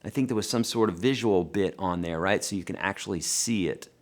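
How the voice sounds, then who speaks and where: A man hosting a live guitar lesson and Q&A, chatty and animated, talking to viewers as friends and reading their questions aloud. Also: low-pitched, brisk. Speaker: guitar teacher hosting a livestream.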